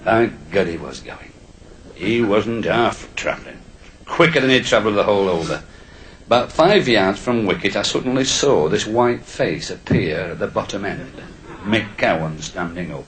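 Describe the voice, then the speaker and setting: An older man works the room with comic anecdotes, chuckling through his own punchlines. His voice sits low yet swoops lively from phrase to phrase. The live recording carries a steady hiss of noise. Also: normal speed, low-quality recording. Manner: wry, chuckling raconteur. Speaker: after-dinner speaker.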